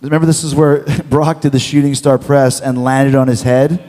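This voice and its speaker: A man from Canada, a guest telling stories in an interview, lively and acting out quotes with bits of swearing. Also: medium pitch, normal speed, big-room sound. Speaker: interview guest, former wrestler. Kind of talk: animated storytelling.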